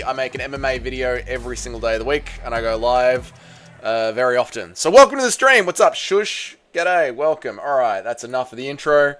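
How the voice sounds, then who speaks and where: A man's voice: medium pitch, bright, forceful tone. An Australian man hosting a casual livestream, chatting and greeting viewers one after another with plenty of slang. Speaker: livestream host.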